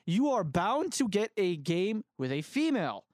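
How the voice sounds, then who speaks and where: A man's voice: sits high, very animated, moderate pace, a little mellow, no room sound, clean studio sound. A young man co-hosting a casual gaming podcast, ranting heatedly and swearing freely. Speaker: podcast co-host.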